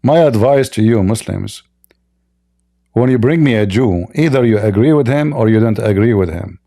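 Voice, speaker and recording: A man's voice: fairly low pitch, lively intonation, moderate pace, vocal fry, dark tone. A man hosting a live online debate, mocking and combative, often laughing at his opponents. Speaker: debate host.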